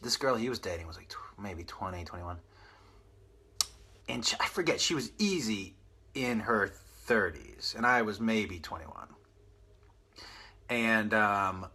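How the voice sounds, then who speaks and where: A man in his forties tells rambling, self-mocking stories on a live stream. His voice is bright and lively, rising and falling a lot. It has a husky edge. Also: medium pitch. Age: 40s. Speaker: podcast host on a live stream. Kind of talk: casual storytelling and reading viewer comments.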